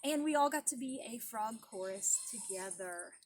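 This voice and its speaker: A woman leads a preschool storytime by a garden pond, her high voice swooping up and down as she talks to little kids. A faint hiss of outdoor noise sits behind her. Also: normal speed. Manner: animated, sing-song teacher voice addressing small children. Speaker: children's librarian leading storytime.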